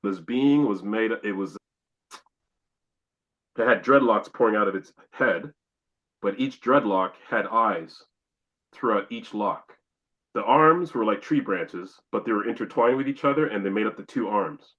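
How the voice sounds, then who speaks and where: Low-voiced man telling a vivid story. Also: measured pace, highs cut off. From Canada. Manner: animated, acts out his own exclamations. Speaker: podcast guest. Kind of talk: storytelling in a podcast interview.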